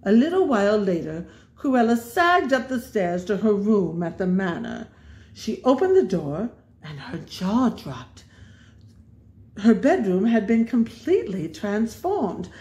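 Lady reading a storybook out loud slow and expressive, lively voice, echoey room. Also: medium pitch. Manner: expressive, with wry asides. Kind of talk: storybook read-aloud.

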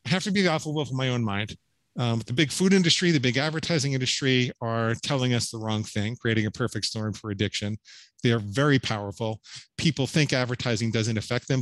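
A middle-aged man speaks as a podcast guest, earnest and emphatic as he works through his story. His voice sits at an ordinary male pitch and is recorded close and dry, with no room around it. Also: brisk, no room sound, poor audio. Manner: earnest, emphatic, with frequent restarts and "right?" tags. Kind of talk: storytelling interview talk.

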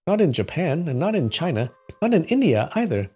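A man voicing an exasperated wife in a folktale reading, raising his voice high for her. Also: big pitch swings, brisk, warm tone, breathy edge, faint music behind. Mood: puzzled. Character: nagging confused adult wife. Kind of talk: storybook reading.

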